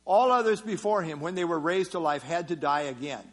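A man's voice: fairly high pitch, expressive, a little fast. A man teaching a Bible passage verse by verse in an explanatory sermon style, often repeating key phrases.

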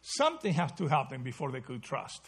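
A man's voice: mid-range voice, wildly swooping pitch, brisk, husky. A man teaching a Bible study class, asking the group questions and checking in with "right?" as he goes. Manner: asks the group questions, repeats "right?" often.

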